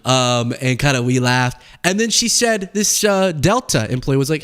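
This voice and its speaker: A young man talks through politics and his own travel stories in a loose, chatty way. His voice sits slightly high and swings widely, and he slips into exaggerated high voices whenever he imitates someone. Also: moderate pace, hardly any pauses, clean tone. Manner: animated storytelling, acts out quoted people in high voices. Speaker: political commentary host. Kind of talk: casual political commentary.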